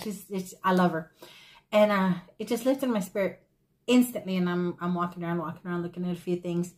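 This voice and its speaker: A woman talking casually into a camera mic at her table. She rambles through a thrift-store story with tangents and gushes warmly to her viewers, her voice sitting in a middle register for a woman. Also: mid-range voice, fairly even intonation, brisk. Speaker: thrift haul vlogger. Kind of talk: casual chatty haul vlog.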